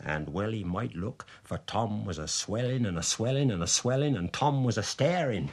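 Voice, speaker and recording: Lively man telling a folk tale. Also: on the low side, moderate pace, husky. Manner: lively, expressive, folksy dialect. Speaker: storyteller.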